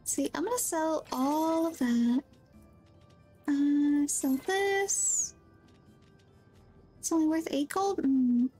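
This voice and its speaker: A woman livestreamer chatting casually through a game. She has a high voice and an unhurried, easygoing pace, and she muses aloud as she plays. She sounds a little drowsy and yawny. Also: dark tone, faint music behind. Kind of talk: casual gameplay chat.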